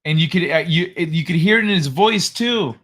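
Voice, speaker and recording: Young male streamer, bright tone, casual and profane, rambling late-night chat. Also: a little high, lively intonation, normal speed. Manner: rambling, profane, laid-back. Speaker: live stream host. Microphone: desk microphone he adjusts.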